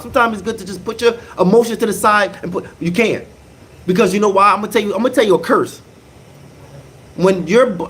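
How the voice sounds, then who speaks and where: A man talking in a casual monologue, animated and emphatic, repeating phrases and using slang. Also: high-pitched, slight background noise.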